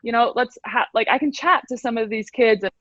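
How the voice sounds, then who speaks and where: A professional swimmer in her twenties chats as a guest in a casual interview, bubbly and upbeat, laughing often and using many fillers. Her voice is fairly high, fairly quick and fairly bright. The recording is dry and a little dull.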